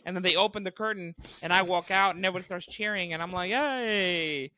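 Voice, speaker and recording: A young man, a stand-up comedian and podcast co-host, telling animated stories with lots of swearing and acted-out quotes. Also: sits high, quick pace, no echo. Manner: animated, acts out quotes, swears often, laughs while telling. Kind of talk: casual storytelling chat.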